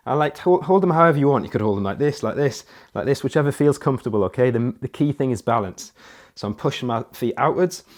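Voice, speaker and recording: A man leading a suspension-trainer workout with energetic, hands-on coaching. He counts out reps as he moves and keeps checking in with short "all right?" tags. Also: medium pitch. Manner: energetic coaching, often while exercising. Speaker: fitness coach. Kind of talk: workout instruction.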